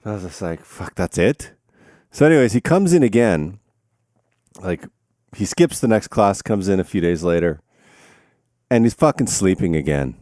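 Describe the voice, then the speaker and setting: A man's voice: sits low, moderate pace, pauses often, no room sound, clean studio sound. A man telling stories in a casual podcast chat, acting out the dialogue and laughing often. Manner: animated storytelling, acts out dialogue, laughs often. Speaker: podcast guest.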